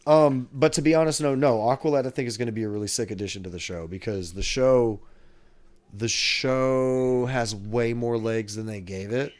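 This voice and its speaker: A man's voice: medium pitch, moderate pace, darkish tone. A man hosting a podcast in casual chat, rambling and swearing freely. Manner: rambling, profane, many restarts. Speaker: podcast host.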